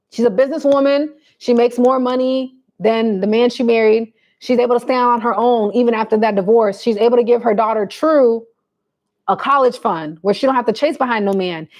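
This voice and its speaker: A woman's voice: fairly high pitch, darkish tone. A woman vlogger giving blunt, preachy advice to her viewers in a casual chat.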